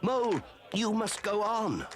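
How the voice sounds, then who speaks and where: A man's voice: high voice, very animated, unhurried. An actor playing a cheerful, encouraging male water rat in a 1980s stop-motion cartoon.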